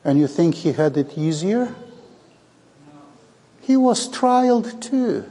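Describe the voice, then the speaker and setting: A man's voice: on the high side, very animated, slow, mellow. A male preacher giving a sermon, speaking dramatically and acting out the dialogue he tells. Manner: dramatic, acts out quoted dialogue. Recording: long hall reverb.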